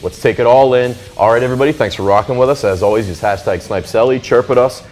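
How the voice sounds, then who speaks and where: A man's voice: medium pitch, fast, a little mellow, faint music behind. Mock-solemn male sketch co-host. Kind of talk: scripted comedy sketch.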